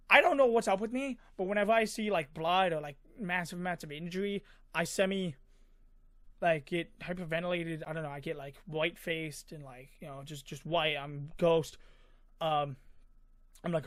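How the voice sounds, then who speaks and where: A man with a high voice tells a story in a loose, rambling way, full of fillers and small sound effects. He is recorded close and dry, with no room sound. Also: steady tone, fairly quick, a bit bright, no room sound. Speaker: vlogger. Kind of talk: casual storytelling.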